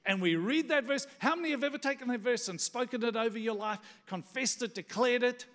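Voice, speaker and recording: A man preaching a sermon as pastor to a church congregation, moving from a quiet prayer into emphatic preaching. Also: extremely high pitch, animated, a little fast. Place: church sanctuary. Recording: long church hall reverb.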